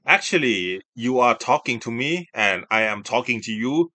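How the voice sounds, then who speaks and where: A man's voice: medium pitch, expressive, moderate pace, pushed and bright, no echo. A man in his thirties from Thailand with a Thai accent, chatting casually and hesitantly, searching for words between fillers. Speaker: video creator. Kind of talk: casual chat with a voice assistant.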